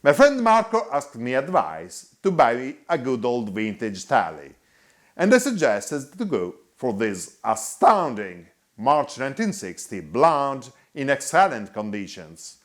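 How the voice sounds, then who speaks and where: Slow, lively-pitched male guitar narrator. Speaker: guitar review host. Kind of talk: scripted voice-over narration.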